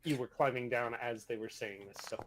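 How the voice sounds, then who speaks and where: Halting man running a tabletop game. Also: mid-range voice, a crowd in the background. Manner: halting, restarts mid-sentence. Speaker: game master.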